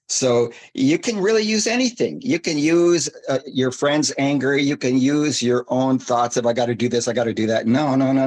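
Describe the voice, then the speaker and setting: A man sharing with a spiritual group, earnest and halting, laughing as he talks. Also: mid-range voice, darkish tone. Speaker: community member sharing.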